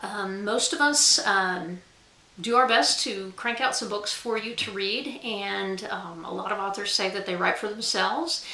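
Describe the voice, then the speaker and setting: Bright-voiced woman vlogging in an echoey room. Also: medium pitch, unhurried. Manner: chatty and self-deprecating, with frequent ums. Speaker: author and guest vlogger. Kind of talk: casual talking-to-camera vlog.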